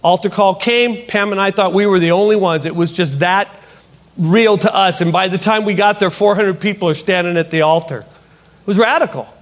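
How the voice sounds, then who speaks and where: A middle-aged man giving a spoken testimony in a church setting, an animated storyteller who acts out the dialogue. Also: high voice, normal speed. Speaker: potter and ministry speaker. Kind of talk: testimony sermon.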